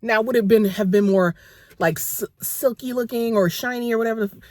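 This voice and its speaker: A woman's voice: on the high side, fairly quick, darkish tone. A woman vlogging in a casual, chatty way, laughing often and talking while she eats. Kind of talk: casual vlog chat.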